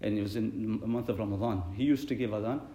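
A man's voice: fairly low pitch, steady tone, fast talker, mellow, echoey room. A man giving a sermon as an imam, telling stories earnestly and animatedly, mixing in Arabic phrases.

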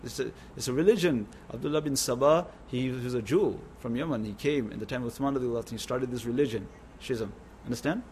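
A man's voice: mid-range voice, fast talker, few pauses, a little mellow, a little hiss or hum. A man giving an informal sermon to a religious gathering, repeating his points and often checking that listeners understand. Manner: repetitive, keeps asking "understand?". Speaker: religious teacher.

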